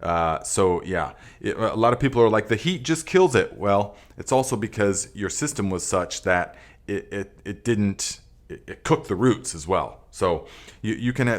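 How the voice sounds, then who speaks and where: A man from Northern California hosting a live gardening Q&A, reading out viewer comments and answering in a relaxed, rambling way with many fillers. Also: fairly low pitch. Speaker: podcast host. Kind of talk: live Q&A chat.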